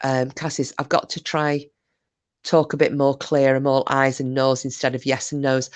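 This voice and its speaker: Low-voiced chatty Scottish woman. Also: flat delivery, normal speed. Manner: chatty and teasing, mild swearing. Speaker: livestream host. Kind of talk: casual livestream chat reading comments aloud.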